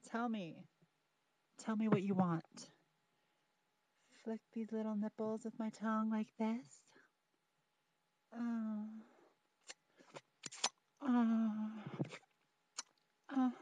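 Slow, teasing woman in intimate audio role-play. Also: medium pitch, no room sound. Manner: slow, soft, pleading and teasing, talking straight to the listener. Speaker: audio performer. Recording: dull, dry close recording.

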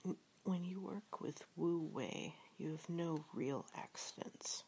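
A woman reading an audiobook in a soft, half-whispered way. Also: on the low side, slow, low-quality recording. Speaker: audiobook reader. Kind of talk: audiobook narration.

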